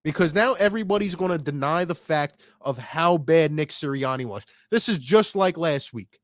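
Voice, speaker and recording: A man's voice: a little high, expressive, normal speed, no room sound, studio quality. A young man ranting in frustration after his team's loss, firing off rhetorical questions to his stream chat. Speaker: sports fan streamer. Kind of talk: ranting post-game commentary.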